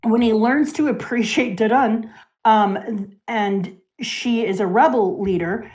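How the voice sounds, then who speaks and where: A woman's voice: fairly high pitch, slow, a little mellow. A woman in casual fan discussion who talks with animation and acts out quoted lines. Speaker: co-host.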